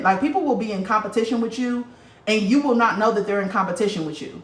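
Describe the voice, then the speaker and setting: A woman's voice: medium pitch, fast. Blunt, profane woman in a roomy space. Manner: blunt, profane, animated talker. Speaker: livestream host reading viewer comments. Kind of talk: casual spiritual livestream chat. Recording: roomy, distant from the mic.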